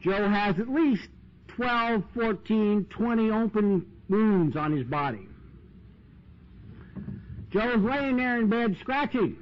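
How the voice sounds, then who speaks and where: A man's voice: high voice, lively intonation, slow, long pauses. A man speaking at a recovery meeting, telling stories in a chatty way with lots of "you know" and "man", recorded on an old tape. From United States. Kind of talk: recovery talk storytelling. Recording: dull lo-fi 1990s tape with hiss.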